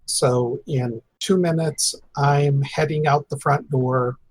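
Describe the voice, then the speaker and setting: A man at a tabletop game talks through his plan slowly and deliberately. His voice is husky and close, with a dry, dead sound. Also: mid-range voice, steady tone, no room sound, low-quality recording. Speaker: player.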